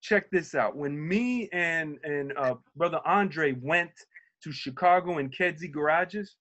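A man speaking on a video call as a union organizer, telling an animated story and acting out shouted quotes. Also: fairly high pitch, unhurried, lo-fi sound. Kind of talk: virtual meeting talk, storytelling.

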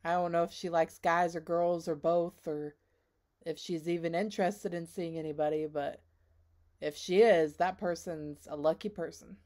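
A woman hosting a reaction video who talks in an earnest, rambling way, full of "like"s and trailing pauses. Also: fairly low pitch, fairly even intonation, a little mellow. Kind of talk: casual reaction commentary.

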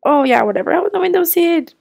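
A woman voicing an excitable young boy in a toy-play story who insists on getting his way. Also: extremely high pitch, fast talker, gravelly, pitched above the performer's own voice, exaggerated voice. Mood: eager.

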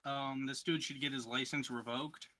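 A man's voice: medium pitch, fairly even intonation, moderate pace, pushed and bright, no room sound, rough recording. A man co-hosting a casual podcast, laid-back and blunt, with some swearing.

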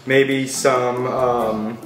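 A man's voice: mid-range voice, level tone, extremely slow. A young man vlogging in a mock reality-show confessional, indignant and mocking as he answers back. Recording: very echoey room, far from the mic, music behind.

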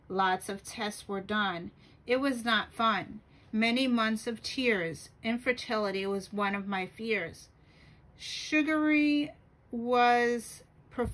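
Slow-reading woman sharing her poems. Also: fairly high pitch, a bit bright, poor audio. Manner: slow, careful reading with small stumbles. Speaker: journaling vlogger.

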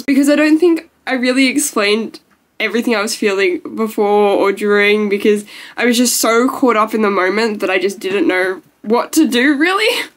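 A young woman vlogging to camera in a gushing, emotional way, peppered with "like", close to tears. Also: fairly high pitch. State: tearful. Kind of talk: casual talking-to-camera vlog.

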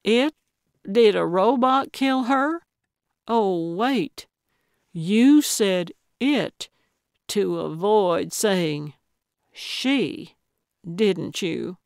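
A woman narrator voicing a blunt, coaxing elderly woman amateur detective in an audiobook, speaking louder and more briskly than her narration. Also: medium pitch, lively intonation, creaky, dry recording, clean studio sound, heavily acted.

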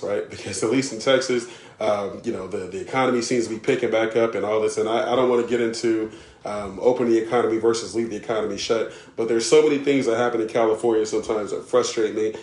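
A man's voice: fairly low pitch, fairly quick, darkish tone, echoey room. A man preaching a live-streamed sermon, earnest, repeating words as he builds and checking in with the listeners. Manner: earnest, often checks in with "right?" and "okay?". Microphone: live stream setup.

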